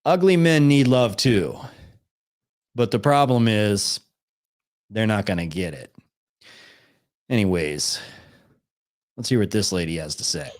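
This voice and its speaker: Blunt, low-voiced male streamer. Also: expressive, unhurried, pauses often. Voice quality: blunt, swears casually, sarcastic. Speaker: streamer reacting to videos. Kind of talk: casual live-stream commentary.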